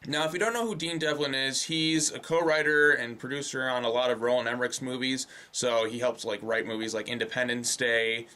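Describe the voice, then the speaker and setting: A man's voice: mid-range voice, steady tone, brisk, hardly any pauses, sharp tone. Profane, ranting young man reviewing a movie. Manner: loose and profane, with sarcastic rants. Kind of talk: casual spoken film review.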